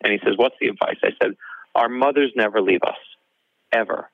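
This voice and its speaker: Quick-talking guy telling a story, gravelly voice, thin phone-like sound. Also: on the low side, no room sound. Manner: animated storyteller, acts out dialogue. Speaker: author guest. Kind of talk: storytelling interview. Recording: dry tinny phone-like line.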